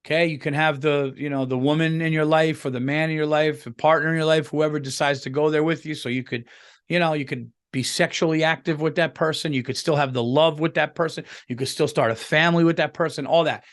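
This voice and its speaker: Man, podcast host, slightly high voice, rambling, profane, casual comedic monologue, close podcast mic. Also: steady tone, fairly quick. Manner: rambling, profane, full of restarts. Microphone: podcast microphone, on camera.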